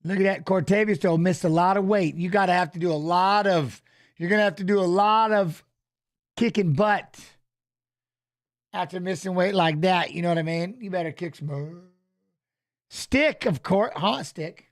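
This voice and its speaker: A man's voice: high-pitched, normal speed. A man hosting a live fight watch-along in a loose, rambling chat, reading out fighter stats and talking to viewers. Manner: frequent "you know what I mean" tag.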